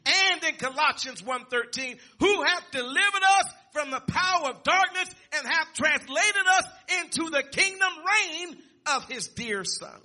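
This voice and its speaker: A man preaching a sermon, reading scripture aloud with restarts and repeats, and rising to shouts and exclamations. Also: extremely high pitch, animated, unhurried, few pauses.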